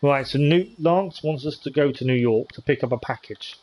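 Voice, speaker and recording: A man's voice: mid-range voice, moderate pace, darkish tone. A man streaming a game live, chatting casually with viewers in a hesitant way with many ums. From United Kingdom. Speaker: gaming streamer.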